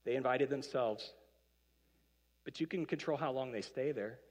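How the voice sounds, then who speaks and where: Conversational pastor in a reverberant hall. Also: male voice, medium pitch, normal speed. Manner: conversational preacher, playful asides, acts out quoted voices. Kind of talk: sermon. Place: church auditorium.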